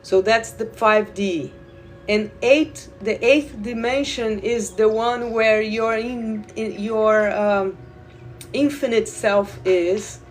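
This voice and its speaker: A woman who guides Reiki, talking slowly and loosely to viewers in a live stream, repeating words and addressing them directly. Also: on the high side, fairly even intonation, faint music behind. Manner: slow, meandering, repeats words, talks to viewers. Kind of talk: live spiritual stream talk.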